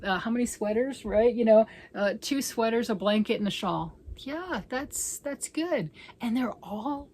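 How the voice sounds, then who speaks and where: A woman's voice: medium pitch, darkish tone, a little hiss or hum. A woman talking casually to her viewers, chatty and self-teasing, slipping into whispers and playful outbursts. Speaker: crafting vlogger. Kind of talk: casual chat to camera. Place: home.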